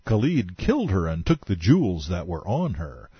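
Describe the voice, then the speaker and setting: A man's voice: low-pitched, wildly swooping pitch, moderate pace, slightly rough, dry recording. A man reading historical texts aloud in scripted, dramatic narration, in a dull, dry recording.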